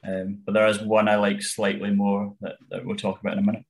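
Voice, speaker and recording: A man tipping golf bets in casual chat, analytical and measured with frequent ums. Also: fairly low pitch, monotone. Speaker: golf betting tipster.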